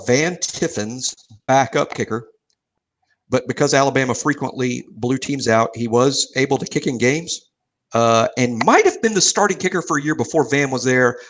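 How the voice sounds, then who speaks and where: A man's voice: medium pitch, a little hiss or hum. A man hosting a podcast, talking in a dry, wry, self-deprecating way. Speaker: podcast host. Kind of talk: casual chat.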